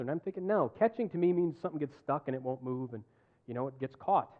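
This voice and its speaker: A man's voice: mid-range voice, fast talker. A middle-aged man preaching a sermon as pastor, telling personal stories and acting out the dialogue in them. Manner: animated, acts out dialogue in his stories. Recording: tinny phone-like sound.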